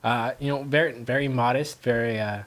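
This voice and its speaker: A man's voice: medium pitch, steady tone, a little fast, a bit bright. A man hosting a casual chat show in a playful, loose way, laughing easily. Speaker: host.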